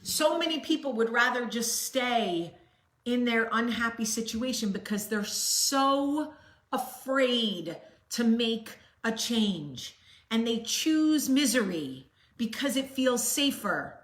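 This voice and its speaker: A woman's voice: fairly high pitch, lively intonation, takes it slowly. A woman host giving a blunt, sassy motivational talk straight to the camera. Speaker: vlog host. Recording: roomy echo.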